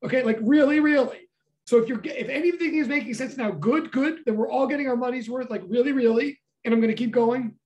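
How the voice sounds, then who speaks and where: A physics professor giving an energetic classroom lecture, emphatic and excitable, peppering speech with "like" and breaking into loud bursts. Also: medium pitch, fast, hardly any pauses, lo-fi sound.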